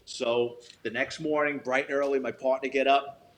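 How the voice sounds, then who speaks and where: Speaking at normal speed with fairly even intonation, an older man in the mid range recounts stories as a guest. He's a retired police detective, blunt and given to swearing, who acts out quoted lines. A little hiss or hum sits under the recording.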